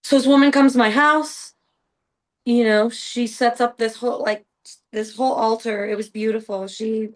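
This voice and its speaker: This podcast host, a woman, speaks on the high side at a moderate pace with fairly even intonation, though the audio is poor. Her personal story rambles, casual and earnest, full of "like" and "you know."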